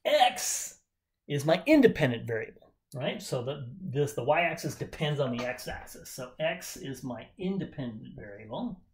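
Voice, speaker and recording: Lively, animated male chemistry teacher. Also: medium pitch, measured pace, a little hiss or hum. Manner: enthusiastic, jokey, talks to students directly. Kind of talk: whiteboard lecture.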